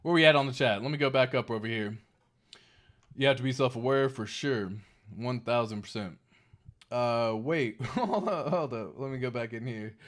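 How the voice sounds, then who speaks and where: A man hosting a crypto livestream, talking casually and reading the chat. He is emphatic and animated, swears freely and repeats his points for stress. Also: mid-range voice.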